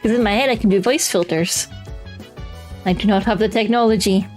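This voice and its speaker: A woman's voice: mid-range voice, a little fast, darkish tone. A woman streaming a video game live, chatting playfully, humming along and reading the on-screen text aloud into her desk microphone. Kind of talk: live gameplay commentary. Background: faint game music.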